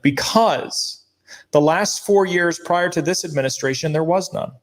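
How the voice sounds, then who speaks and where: Indignant man, slightly higher voice. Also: a little slow. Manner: indignant, mimics newscasters, swears. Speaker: co-host. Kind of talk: heated casual talk show discussion.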